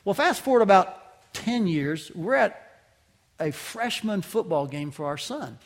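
High-voiced pastor with a faint Southern accent. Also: male voice, measured pace. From Southeastern United States. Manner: animated storytelling, self-mocking humor. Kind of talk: sermon.

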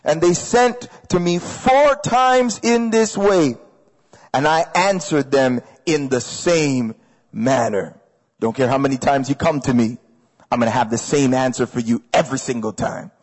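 A man preaching a sermon as a pastor, energetic and conversational, repeating phrases for emphasis to a crowd. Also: medium pitch, measured pace. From Canada. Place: large hall with audience. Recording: echoey hall.

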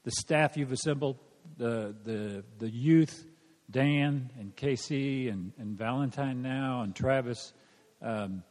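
A man's voice: mid-range voice, slow, a little mellow. A middle-aged man from the congregation shares a grateful testimony, stammering over his words. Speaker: congregation member. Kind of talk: sharing testimony in church. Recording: long hall reverb.

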